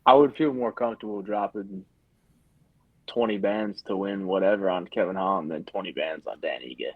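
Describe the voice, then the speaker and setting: A man co-hosts a call-in show, laid-back and understated. His voice is low, and it sounds a little dull and muffled. The sound is dry. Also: normal speed, breathy edge, no room sound. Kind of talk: casual chat.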